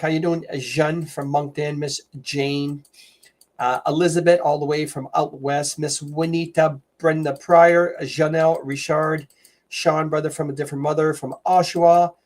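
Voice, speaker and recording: A man from Canada hosting a casual livestream, rambling with lots of fillers as he greets viewers by name. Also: fairly high pitch. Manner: rambling, filler-heavy, reads viewer names off a list. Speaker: livestream host.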